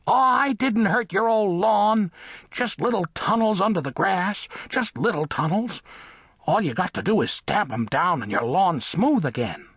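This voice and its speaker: A man doing a small hoarse boastful mole. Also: sits high, animated, unhurried, fairly bright tone, dry recording, clean studio sound, pitched above the performer's own voice, exaggerated voice. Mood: defiant. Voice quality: small husky voice like a hoarse mouse. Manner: defiant, boastful, repeats himself. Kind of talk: audiobook character voice.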